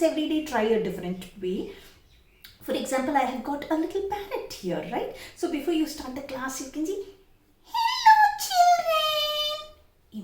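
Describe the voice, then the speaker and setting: A woman teacher, giving expressive, emphatic advice to other teachers. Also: fairly high pitch. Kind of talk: instructional talk. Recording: roomy echo, distant mic.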